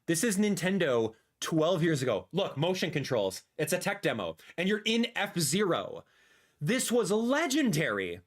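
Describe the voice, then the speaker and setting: Lively excitable man streaming. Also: a little high, measured pace. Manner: excitable, animated, repeats phrases; drops to a soft murmur when talking to his cat. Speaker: streamer reacting live. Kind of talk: livestream reaction commentary.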